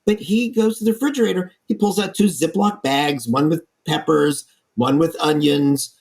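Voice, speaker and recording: A man, an architect guest, telling stories in a lively, animated way in a podcast interview. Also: a little high, normal speed, husky. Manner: lively storyteller, acts out quoted voices.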